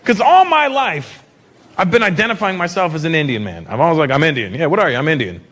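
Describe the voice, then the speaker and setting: Animated high-pitched male stand-up comic. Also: fast talker. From Canada. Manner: animated, swings into loud shouted bits for acted-out characters. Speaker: stand-up comedian. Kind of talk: stand-up comedy set. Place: comedy club stage with live audience. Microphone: handheld stage mic. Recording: live club recording with crowd noise.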